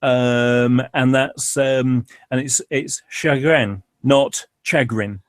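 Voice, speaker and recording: A man's voice: mid-range voice, flat delivery, very slow, clean tone, no echo. English man telling a story, dry sound. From England. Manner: storytelling, hesitant with fillers. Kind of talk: casual group chat.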